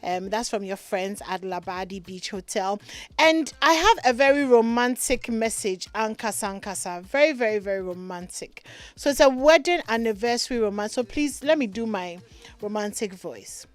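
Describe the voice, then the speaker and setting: A woman's voice: mid-range voice, lively intonation, moderate pace, no echo. Upbeat woman radio host. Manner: upbeat and chatty, drawing out words. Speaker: radio morning show host. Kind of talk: live radio chat and listener shout-outs. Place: radio studio. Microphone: studio microphone.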